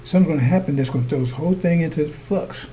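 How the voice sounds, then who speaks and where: A man's voice: fairly high pitch, fast, dark tone, slight background noise. A man preaching a sermon, talking in circles and checking with his brothers and sisters that they follow. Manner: repetitive, asks listeners to follow along; addresses congregation as brothers and sisters.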